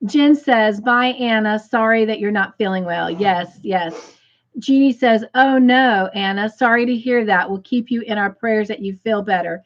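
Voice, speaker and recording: A woman hosting a crochet live stream, reading viewer comments aloud and gushing with excitement. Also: mid-range voice, measured pace, muffled recording.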